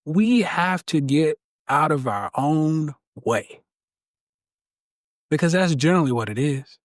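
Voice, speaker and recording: Animated storytelling man with a preacher feel, bouncy pitch, dry close mic. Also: slow, no echo. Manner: emphatic, draws out key words. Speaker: podcast guest.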